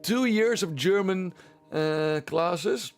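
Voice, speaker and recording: Dutch male streamer, casual playful commentary, high voice, light music bed. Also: slow, clean tone. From Netherlands. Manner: chatty, playful, repeats himself.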